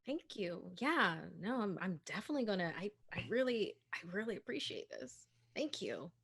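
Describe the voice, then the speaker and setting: A young survivor girl from a tabletop horror game, halting and stammering as she speaks, as a woman plays her. Her voice is plain and mid-pitched. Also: very animated, gravelly, a bit bright, husky, heavily acted. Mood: grateful. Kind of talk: in-character role-play.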